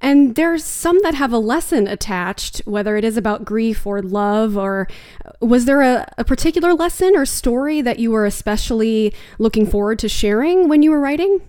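A woman hosting a public radio interview, asking friendly, measured questions. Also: fairly high pitch, expressive, a little mellow, smooth, no echo, studio quality.

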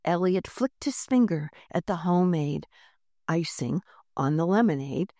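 A woman narrating a children's storybook in a gentle, unhurried reading voice, lightly voicing the characters. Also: fairly low pitch, animated, no room sound, studio quality. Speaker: audiobook narrator.

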